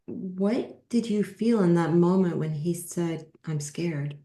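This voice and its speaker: Woman podcast host, slow unhurried gentle questions, lowish voice. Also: echoey room. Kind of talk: conversational interview.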